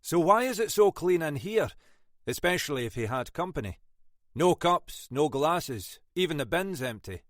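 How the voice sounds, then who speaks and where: A man reading an audiobook, voicing a shrewd older Scottish detective inspector in a dry, probing, quietly commanding manner. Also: a little high, very animated, moderate pace, dry recording, voice pushed up.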